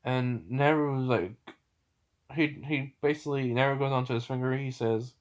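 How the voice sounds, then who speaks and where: A man's voice: medium pitch, fairly even intonation, moderate pace. A man casually retelling a fan story, rambling with many fillers and self-corrections.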